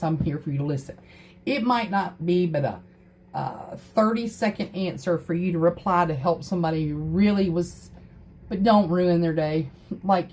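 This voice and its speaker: A middle-aged woman talks to her livestream viewers in a husky, slightly low voice. She chats casually and earnestly, calling out viewers by name as she goes. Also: a little mellow. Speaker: crafting livestream host.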